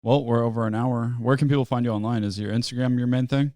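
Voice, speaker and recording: Male podcast host, dry close sound, brisk relaxed questions. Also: medium pitch, dry recording. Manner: relaxed, encouraging, brief replies. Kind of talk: casual podcast interview.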